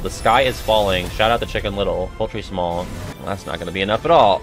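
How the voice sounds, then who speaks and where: A young man giving profane, jokey, excitable commentary as he plays a video game. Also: fairly low pitch, brisk, soft background music. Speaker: gamer and video host. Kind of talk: let's-play game commentary.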